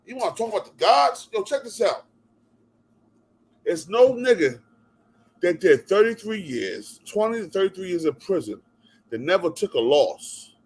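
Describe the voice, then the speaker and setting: A man's voice: high voice, very animated, moderate pace, long pauses, breathy edge. A man from New Jersey ranting to camera as a vlog commentator, heated and repetitive, cutting in with "yo" and "bruh". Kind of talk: profane rant to camera.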